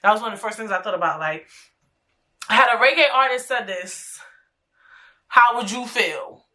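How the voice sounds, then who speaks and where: A woman hosting her own podcast, talking alone in a casual, animated, profane way with lots of slangy asides. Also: mid-range voice, moderate pace. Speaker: podcast host. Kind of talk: casual solo podcast monologue.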